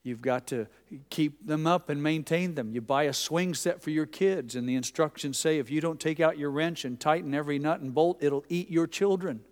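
A man's voice: a little high, moderate pace. A man preaching a sermon, telling folksy stories and acting out the people he quotes. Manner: folksy, anecdotal, acts out quoted voices. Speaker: pastor. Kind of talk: sermon with storytelling. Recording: long hall reverb.

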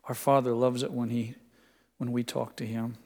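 Older man, pastor, sermon, storytelling, soft emphatic drops, mid-pitched, reverberant hall. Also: flat delivery, moderate pace. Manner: storytelling with many quotes, dropping soft for emphasis.

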